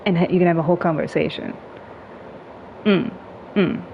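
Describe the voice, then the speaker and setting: A woman in a casual chat, talking in a relaxed, chatty way with many "like"s and little humming sounds. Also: lowish voice, normal speed, vocal fry. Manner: relaxed, chatty, heavy use of "like" and hums; playful with tone, acting out little sounds. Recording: dull lo-fi sound with faint noise.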